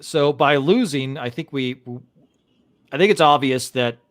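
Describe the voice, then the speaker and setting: A male podcast host on a live chat show reads a news article aloud, then drifts into indignant, rambling commentary full of restarts. His voice is at an ordinary middle pitch and unhurried. The sound is close and dry, with no room sound at all.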